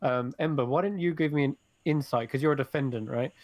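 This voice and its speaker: A man narrating as game master in an online tabletop game, pausing often with fillers as he describes scenes. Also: mid-range voice, a little mellow, dry recording, lo-fi sound. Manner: hesitant narration with many fillers.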